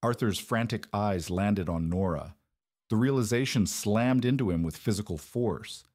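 Low-voiced male story narrator. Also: moderate pace, darkish tone, no echo, clean studio sound.

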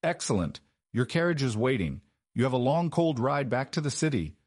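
A man playing a formidable young duke who speaks in a lethally calm, commanding way. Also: medium pitch, moderate pace, dry recording, clean studio sound, voice pushed up.

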